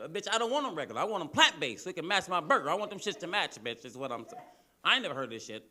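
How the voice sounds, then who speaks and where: A man from Cleveland doing a loud, profane, animated stand-up routine on a comedy club stage. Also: on the high side, racing. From Cleveland, Ohio, US.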